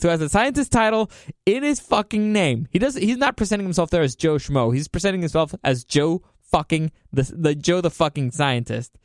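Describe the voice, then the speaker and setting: Male podcast host, heated profane commentary, slightly high pitch, dry close-mic sound. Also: no echo. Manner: profane, heated, rhetorical questions. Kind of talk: solo commentary podcast rant.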